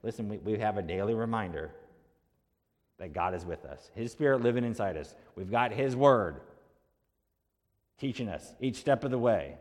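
A man's voice: lowish voice, animated, moderate pace, long pauses, darkish tone. A man preaching a sermon as pastor, telling a story in a conversational way and acting out the quoted voices. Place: church sanctuary. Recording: long hall reverb.

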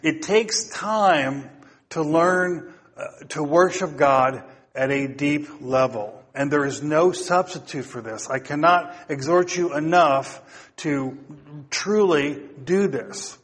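A man's voice: a little high, slow pace, a bit bright, husky, big-room sound. A middle-aged male pastor preaching a sermon, earnest and exhorting, often asking the congregation questions.

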